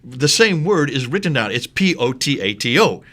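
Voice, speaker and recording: A man's voice: mid-range voice, very animated, moderate pace, a bit bright. A man from the United States co-hosting a discussion, explaining points emphatically and asking leading questions. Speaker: co-host. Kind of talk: conversational discussion on manuscripts.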